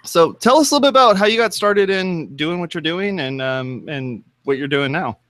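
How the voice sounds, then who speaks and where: A man's voice: fairly high pitch, lively intonation, normal speed, fairly bright tone, no echo. A man hosting a talk show in a casual, upbeat, chatty way. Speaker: host.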